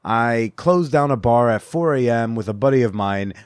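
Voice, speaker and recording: Hoarse, chatty male podcast host. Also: mid-range voice, expressive, normal speed, dry recording, clean studio sound. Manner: chatty, self-mocking, laughs often. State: hoarse, blown-out voice. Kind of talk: casual podcast chat.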